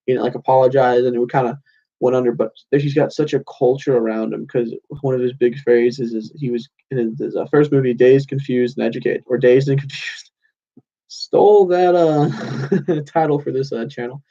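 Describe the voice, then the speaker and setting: A man's voice: mid-range voice, fairly even intonation, moderate pace, mellow, muffled recording. A young man rambling casually to his channel's viewers, loose and meandering with lots of fillers and restarts. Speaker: channel host. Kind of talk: casual rambling monologue to camera.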